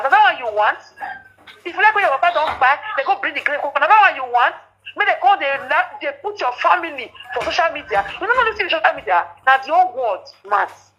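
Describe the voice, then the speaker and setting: High, bright scolding Nigerian woman. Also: low-quality recording. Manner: scolding, preachy, repeats warnings. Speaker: social media commentator. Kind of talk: heated livestream rant.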